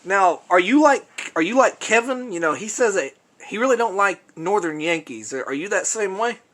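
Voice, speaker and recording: A man hosting a casual interview, prompting his guest in a relaxed, conversational way. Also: sits high, moderate pace. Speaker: interview host.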